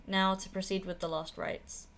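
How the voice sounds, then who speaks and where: A woman's voice: mid-range voice, level tone, moderate pace, a bit bright, slight background noise, close to an everyday voice. Woman reading as a solemn funeral officiant. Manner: solemn, flowery. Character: calm funeral officiant, poetic.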